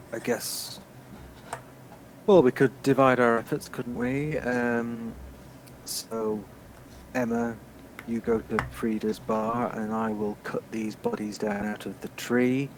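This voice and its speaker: A man's voice: medium pitch, little pitch movement, takes it slowly, slight background noise, poor audio. A man playing a tabletop game, talking hesitantly with many fillers. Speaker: player.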